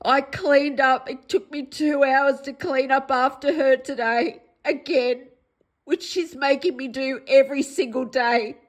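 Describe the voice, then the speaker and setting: Slow-talking, hoarse, pleading Australian woman. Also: high voice, steady tone, low-quality recording. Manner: pleading, upset, repeats herself. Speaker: vlogger. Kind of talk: distressed personal vlog monologue.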